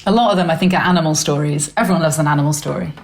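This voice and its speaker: A woman's voice: low-pitched, racing, gravelly. A woman, a radio news presenter chatting as a guest on a podcast and laughing often. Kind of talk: casual podcast chat.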